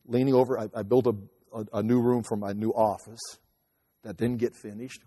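A man in his fifties telling a personal story casually, rambling with many halting restarts. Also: fairly low pitch, mellow. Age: 50s. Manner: rambling, halting restarts, acts out voices in quotes. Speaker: teacher and speaker. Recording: long hall reverb.

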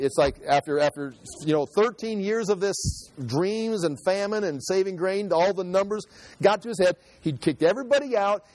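A man teaching through a Bible passage as a preacher, reading verses and retelling them with lively, dramatic asides. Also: sits high, dry recording, poor audio. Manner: animated, dramatizing scripture with interjections.

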